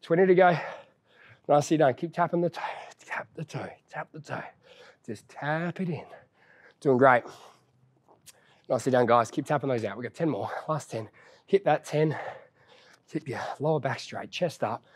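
A man's voice: medium pitch, normal speed, long pauses, slightly rough. A young man leading a follow-along workout, encouraging and counting down reps while he exercises and gets out of breath. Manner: upbeat encouraging, counts reps down, casual banter. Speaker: fitness trainer.

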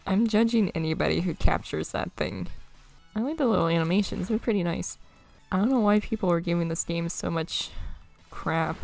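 Young female let's player, lowish gravelly voice, wry offhand commentary. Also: a little mellow. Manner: chatty, wry running reactions to the game. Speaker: let's play gamer. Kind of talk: casual gameplay commentary.

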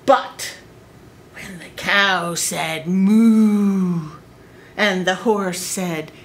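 A woman librarian reading picture books aloud to small children at story time, slow and expressive. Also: fairly low pitch, gravelly.

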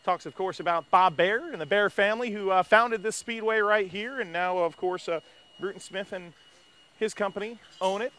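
High, bright-voiced garage reporter man. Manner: energetic, rambling, chatty. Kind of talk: live walk-around commentary. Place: outdoor race garage. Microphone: handheld microphone.

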